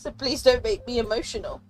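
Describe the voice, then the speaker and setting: A woman's voice: a little high, normal speed, faint music behind. Giggly, chatty young woman streamer. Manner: giggly, emotional, chatty, thanks viewers. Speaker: game streamer. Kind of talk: casual live-stream chat.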